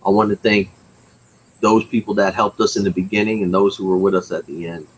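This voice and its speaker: A man with a lowish voice speaks in a casual online chat, halting and choked up. A faint hiss sits under his voice. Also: little pitch movement, rough recording. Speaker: co-host. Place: remote video call.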